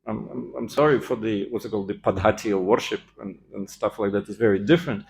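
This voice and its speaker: A man's voice: lowish voice, fairly even intonation, fast, gravelly, a little mellow. A man giving a scripture class in a temple, telling the story with animation and acting out the quoted lines.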